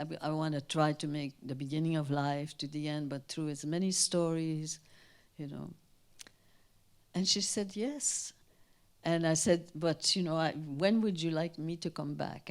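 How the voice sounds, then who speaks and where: An older woman from Canada, a guest speaker telling anecdotes at a Q&A, animated and acting out the voices of people she quotes. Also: sits low. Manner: animated, acts out quoted voices, trails off and restarts. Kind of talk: anecdotal storytelling at a Q&A. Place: town hall in front of an audience.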